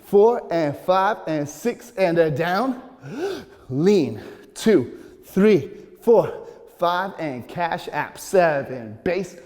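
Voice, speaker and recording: A young man teaching a dance routine, counting beats out loud while he dances and getting out of breath. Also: sits high, expressive, extremely slow, long reverb tail. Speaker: dance instructor. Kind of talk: dance tutorial, counting out moves. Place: large echoey dance studio.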